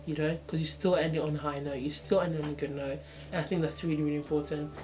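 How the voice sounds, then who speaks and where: A woman's voice: deep voice, steady tone, fast, warm tone, soft background music. A young woman in her twenties talking casually to her viewers in a reflective, chatty way, often asking "you know what I mean" and acting out small exchanges in changed voices. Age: 20s. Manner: acts out little dialogues in changed voices. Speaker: vlogger. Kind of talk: casual talk to camera.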